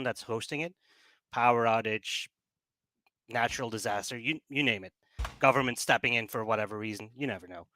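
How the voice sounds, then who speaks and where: A man's voice: mid-range voice, pushed and bright. A man on a remote call, explaining things as a business developer in a casual chat, with many fillers and restarts. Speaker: guest, project business developer.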